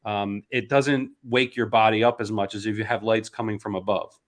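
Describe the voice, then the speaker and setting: A man hosting an interview, explaining things in a measured way with frequent ums. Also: on the low side, steady tone. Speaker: interview host. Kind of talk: conversational interview.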